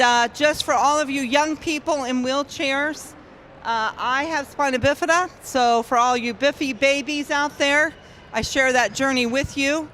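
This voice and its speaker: A woman in her sixties hosting an awards ceremony in an indoor gym, projecting her voice loudly to the crowd. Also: high-pitched, a little hiss or hum. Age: 60s. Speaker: event host and organization founder. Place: indoor gymnasium.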